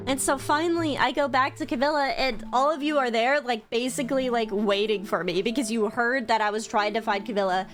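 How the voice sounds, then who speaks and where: A young woman streams and chats with her viewers, telling stories in a bubbly, swear-happy way. Her voice sits a little high. Soft music plays quietly underneath. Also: a little fast, hardly any pauses. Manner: bubbly storytelling, swears freely, frequent "like". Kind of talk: casual chat to stream viewers.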